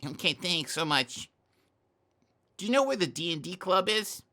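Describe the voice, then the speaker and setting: A man putting on a gravelly, eager college nerd. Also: high-pitched, sing-song, normal speed, sharp tone, pitched above the performer's own voice, exaggerated voice. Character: nerdy eager young male college student. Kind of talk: tabletop role-play voice.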